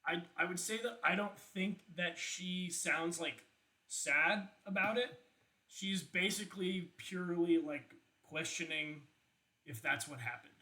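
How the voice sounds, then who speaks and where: A man's voice: high voice, unhurried, sharp tone, poor audio. A man narrating as game master for a tabletop game, hesitant, with lots of restarts. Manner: hesitant, full of fillers and restarts.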